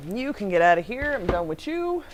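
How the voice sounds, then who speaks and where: A woman's voice: mid-range voice, very animated, a little fast, slight background noise. A woman hosting a casual baking livestream, chatting with her co-host, reading viewer comments aloud and laughing often.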